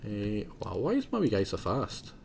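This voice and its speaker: A man's voice: lowish voice, huge pitch swings, moderate pace, creaky, a little mellow, a little hiss or hum. A young man rambling casually through live gameplay commentary, chatting to himself and laughing often. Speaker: game streamer.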